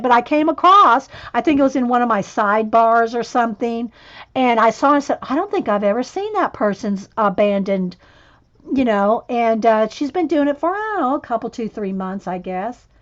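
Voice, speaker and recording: On a lo-fi recording, a middle-aged art-channel host chats away on her livestream at a moderate pace, her slightly high voice animated. She keeps restarting, wanders from point to point, and is hiccupping throughout.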